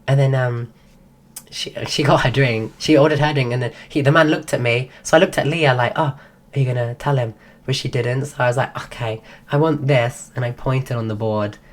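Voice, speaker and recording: A woman streaming, telling a rambling story in casual chat while losing her voice. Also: very deep voice. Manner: rambling, full of restarts.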